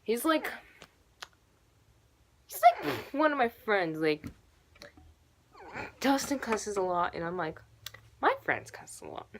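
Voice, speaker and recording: A woman's voice: mid-range voice, very animated, slow pace, pauses often, background noise. A young woman in her teens rambling and gushing in a casual fan vlog, full of fillers and asides. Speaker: YouTuber.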